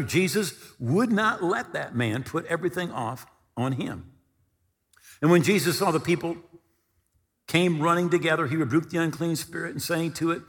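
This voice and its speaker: A man's voice: on the high side, expressive, normal speed, a bit bright. Preaching man in a reverberant hall. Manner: preaching with dramatic retellings of scripture quotes. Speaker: pastor. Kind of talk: sermon.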